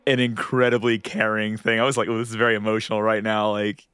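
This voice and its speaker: A man hosting a casual podcast who recaps a game excitably, laughing a lot and swearing. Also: fairly low pitch, fast talker, smooth, no echo.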